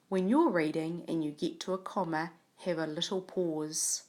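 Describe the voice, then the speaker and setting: A woman teaching a reading lesson, speaking clearly and patiently as she models reading a story aloud. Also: on the low side, steady tone, normal speed, hardly any pauses, a little mellow. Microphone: tablet microphone.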